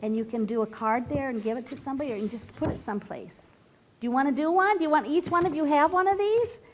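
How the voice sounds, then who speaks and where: A woman reading a picture book aloud to a group of children, playful and animated, stopping often to ask them questions. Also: high voice, fast talker, a little hiss or hum. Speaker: children's storyteller.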